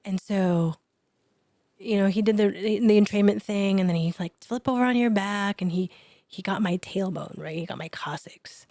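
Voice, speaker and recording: Mellow-voiced woman telling a lively story. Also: mid-range voice, normal speed, no room sound, clean studio sound. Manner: animated storyteller, drops to whispers for quoted thoughts. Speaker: chiropractor guest. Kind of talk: storytelling in an interview.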